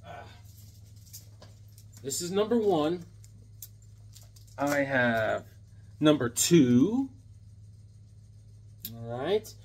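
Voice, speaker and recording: This seventies-aged man speaks very slowly with long pauses, his higher-side voice swinging widely in pitch, darkish and slightly rough. He's excitedly showing a haul of old comic books in a casual video, rambling and joking along the way.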